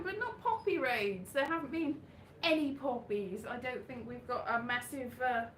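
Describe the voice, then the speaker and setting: Rambling and self-deprecating, a female comedian from Wales works through a live stand-up set with slides at a small venue. Her voice is on the high side and fairly bright, with a little hiss or hum in the echoey room.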